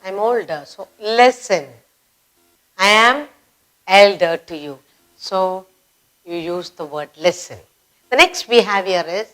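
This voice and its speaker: A woman teaching a grammar lesson for children, slowly acting out example sentences with expressive exclamations. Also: mid-range voice. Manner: slow, deliberate teaching delivery.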